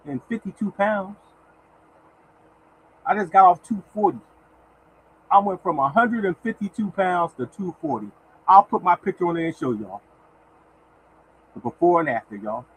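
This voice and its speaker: A man's voice: high-pitched, slight background noise, rough recording. A man hosting a casual livestream, talking in a repetitive, exhortative way and turning now and then to thank viewers in the chat by name. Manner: repetitive and exhortative, keeps addressing listeners as y'all. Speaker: livestream host giving lottery picks. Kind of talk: casual motivational livestream talk.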